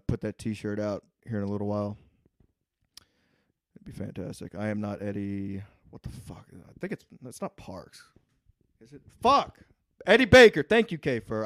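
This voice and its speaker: A man hosting a podcast solo, reading the live chat and ranting with lots of swearing, swinging from muttering to yelling. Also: lowish voice, no echo. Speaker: podcast host. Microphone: podcast microphone.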